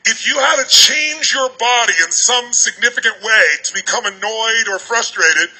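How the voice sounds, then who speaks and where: A man's voice: very high voice, bright, forceful tone, breathy edge, poor audio. A man giving a seminar talk to a large arena crowd, firing commanding questions at them over a stage microphone. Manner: commanding, rapid-fire questions. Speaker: motivational speaker.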